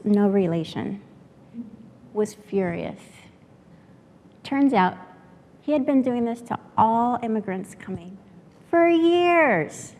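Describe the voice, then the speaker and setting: A woman from San Antonio, Texas, telling a personal story as a workshop speaker. She speaks from the heart and pauses with fillers. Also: a little high, darkish tone, big-room sound. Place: lecture room at a workshop.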